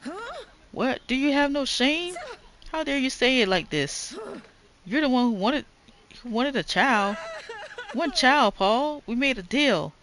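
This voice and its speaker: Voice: sits high, animated, unhurried, pauses often, a bit bright, voice pushed up. A gamer voicing a scolding old wife while reading game dialogue aloud, with an indignant, berating manner.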